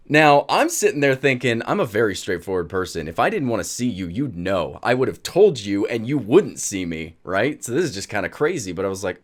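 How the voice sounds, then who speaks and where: Animated man telling a story. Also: lowish voice, a little fast, hardly any pauses. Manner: animated, laughs often while telling. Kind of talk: casual storytime vlog.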